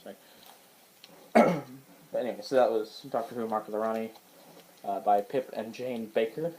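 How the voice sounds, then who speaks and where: Indoors at home, a man rambles through a casual vlog showing off his books, hesitating and restarting often with lots of fillers. He speaks at a moderate pace in a warm, lowish voice, and the rough recording carries slight hiss or hum.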